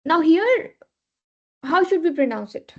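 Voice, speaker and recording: A woman's voice: very high voice, sing-song, unhurried. A woman teaching a French class, patiently repeating rules and checking in with "okay". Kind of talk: live online class teaching. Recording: dull lo-fi class recording.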